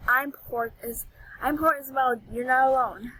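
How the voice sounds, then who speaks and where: Woman vlogger, high voice, unhurried delivery; theatrical, excitable gameplay commentary. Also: breathy edge, low-quality recording. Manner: dramatic, squeals and whines over items. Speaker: gaming vlogger.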